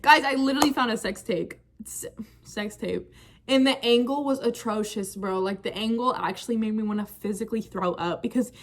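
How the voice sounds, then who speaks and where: A young woman telling a frank, animated storytime to her viewers, full of slang and "like". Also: medium pitch. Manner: animated, frank, slangy, many fillers like "like" and "bro". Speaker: vlogger. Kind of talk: casual storytime chat.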